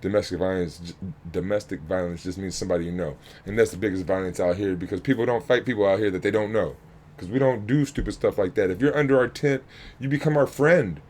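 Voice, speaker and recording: A man's voice: low voice, fast, darkish tone, a little hiss or hum. A man, a youth coach, giving heated reaction commentary, emphatic and angry, repeating himself and swearing. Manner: angry and worked up.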